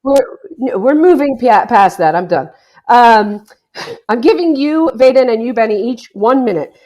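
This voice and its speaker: A woman's voice: on the high side, expressive, normal speed, a little mellow. A woman hosting a casual podcast chat with friends, playful and bossy, often laughing. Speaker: podcast host.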